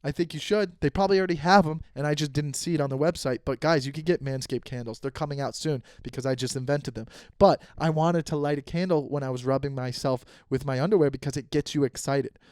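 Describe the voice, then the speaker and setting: A man's voice: a little high, fast talker, hardly any pauses, a little mellow, dry recording, clean studio sound. A young man hosting a podcast, riffing through an improvised ad read in a rambling, profane, jokey way. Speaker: podcast host reading an ad. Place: non-studio room.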